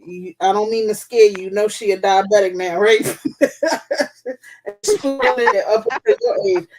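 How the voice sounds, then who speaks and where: A woman's voice: medium pitch, animated, a little slow, darkish tone, faint music behind. A woman hosting a loose live chat with viewers. She swears freely, talks bluntly, and hands out advice like a mother would, in an ordinary mid-range voice. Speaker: host.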